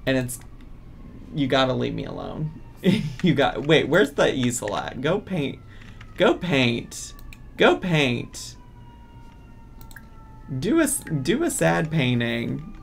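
Male streamer, slow and gravelly, ranting at the game in exasperation. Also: mid-range voice, animated, slight background noise. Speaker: gaming streamer. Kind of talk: casual gameplay commentary.

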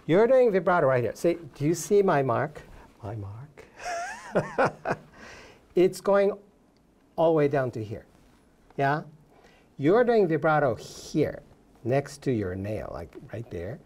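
A violin teacher with a deep, slightly mellow voice leads a masterclass, very animated yet unhurried and pausing often. She encourages her student with short coaching phrases and hums or sings passages to demonstrate them, while violin playing sounds in the background.

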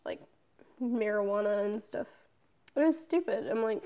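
A woman's voice: medium pitch, normal speed, lo-fi sound. A young woman in a casual personal vlog, talking candidly, swearing often and trailing off with fillers. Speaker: vlogger.

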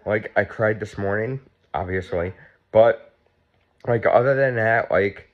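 A man in his fifties talks straight to the camera at home in a fairly low voice, sounding sore and tight as he speaks. He rambles in a chatty, blunt way and swears without holding back. The sound is dull and a little lo-fi. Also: measured pace. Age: 50s. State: sore and tight after surgery. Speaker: vlogger. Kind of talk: casual vlog talk.

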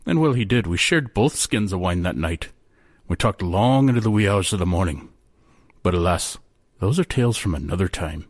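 A man's voice: fairly low pitch, expressive, fairly quick, no room sound, clean studio sound. A man telling a first-person Renaissance-faire tale in a faux-old dialect. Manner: faux-Renaissance dialect, says aye and me skin. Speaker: storyteller.

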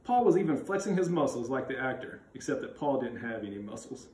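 A man reading a children's chapter book aloud with expressive, animated narration. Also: medium pitch, brisk. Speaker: school read-aloud reader. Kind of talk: storybook read-aloud. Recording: roomy sound, mic at a distance.

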